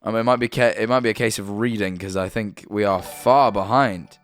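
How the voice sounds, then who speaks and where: A man's voice: fairly low pitch, a little fast, faint music behind. A young man with a British accent, chatting casually on a live stream and often correcting himself as he rambles. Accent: British English.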